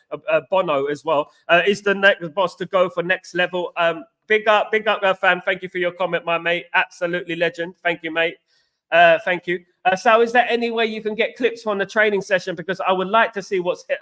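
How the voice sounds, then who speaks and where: High-voiced man ranting passionately. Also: pushed and bright. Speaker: football channel host. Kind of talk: live-stream chat answering viewer comments.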